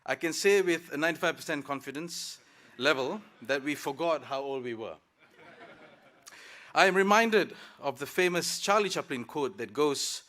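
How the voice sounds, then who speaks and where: A man in his thirties, professionally employed, stands at a podium microphone to give a prepared, formal graduation speech with light jokes. As student speaker, he talks at normal speed in a high-side, fairly bright voice with lively intonation.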